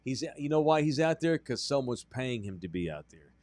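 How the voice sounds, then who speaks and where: A man's voice: mid-range voice, sing-song, moderate pace, a little mellow, dry recording. A man co-hosts a sports podcast in loose, casual chat. He is blunt and profane, and he gets heated. The sound is dry and close to the mic. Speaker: podcast co-host.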